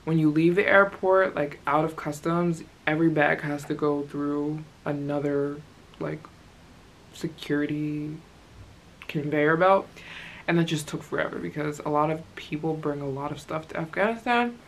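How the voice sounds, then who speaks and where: A woman's voice: deep voice, normal speed, a little hiss or hum. A young woman, a travel vlogger, telling a story in a chatty, casual way and acting out the people she quotes. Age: young adult.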